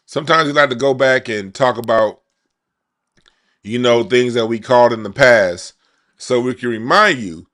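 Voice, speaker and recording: A man's voice: mid-range voice, moderate pace, a bit bright. A man hosting a casual card-reading monologue, talking in loose slang with frequent restarts and repeated words. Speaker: card reader, channel host.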